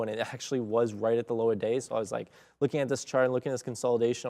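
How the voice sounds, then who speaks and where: Male trader, mid-pitch voice, easygoing chart walkthrough with fillers. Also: fast, few pauses. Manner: relaxed, talks through charts with fillers. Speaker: day trader on live show.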